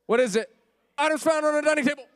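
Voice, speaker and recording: A man hosting a party game for a church youth group, playful and teasing, now and then shouting over the room. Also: very high voice, fast talker.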